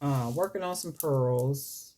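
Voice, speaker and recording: Her voice is a deep, rumbling low with a dark tone, and she speaks slowly. Working on jewelry for her channel, she keeps up a rambling, storytelling chat and treats viewers like family. Her voice fades and drifts from the mic whenever she handles beads.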